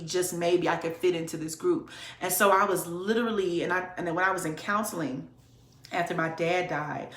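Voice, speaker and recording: A woman podcast host, possibly from Detroit, candidly telling a personal story in a conversational way. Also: echoey room. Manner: candid, conversational, with sudden pitch jumps to demonstrate voices.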